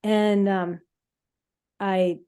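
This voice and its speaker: A middle-aged woman, a podcast co-host, telling her own healing story in an emotional, halting way with many fillers. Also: medium pitch, little pitch movement, warm tone, clear, resonant tone. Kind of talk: casual personal storytelling.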